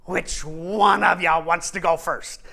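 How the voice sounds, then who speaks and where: A man voicing a boastful, blustering male lion who loudly challenges others to fight, in a sermon retelling of a storybook scene. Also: high-pitched, steady tone, takes it slowly, vocal fry, heavily acted. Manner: loud swaggering challenges.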